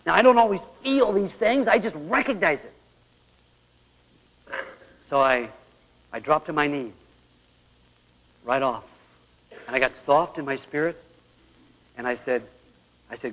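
A man's voice: a little high, animated, normal speed, long pauses, a bit bright. A middle-aged man preaching a sermon and telling a story from his own family, acting out voices as he goes. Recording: old lo-fi tape in a large hall.

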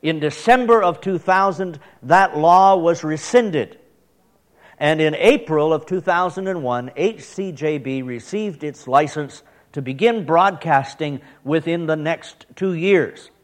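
A man's voice: a little high, measured pace. A man with a Canadian accent giving an earnest church mission presentation about radio broadcasting, with playful asides.

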